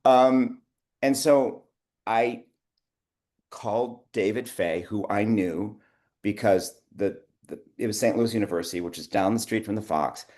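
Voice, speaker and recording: A middle-aged theater producer, appearing as an interview guest, tells long, rambling anecdotes, acting out the dialogue and breaking off to laugh. His voice is lowish and a little mellow, at a measured pace.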